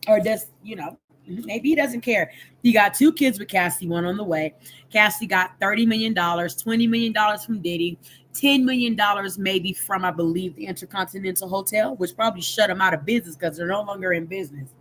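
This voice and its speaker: Woman, host, casual gossip commentary, blunt, crude asides, chatty, mid pitch. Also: fairly quick, a bit bright, a little hiss or hum.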